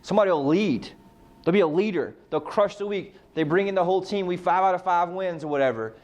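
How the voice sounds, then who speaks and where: A man with a slightly high voice gives a motivational talk to a real estate team. He keeps it casual and loose, tossing out rhetorical questions and the odd curse word to drive his points home. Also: quick pace, a little mellow. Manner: casual, fires rhetorical questions, swears freely.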